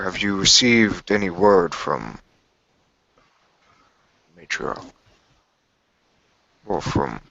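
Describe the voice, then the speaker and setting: A man's voice: low-pitched, vocal fry, sharp tone, slightly rough, no echo, dull audio, full character voice. A man voicing a formal, solemn long-armed creature who serves a master, in a tabletop role-play. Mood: concerned. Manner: formal, archaic speech to his master.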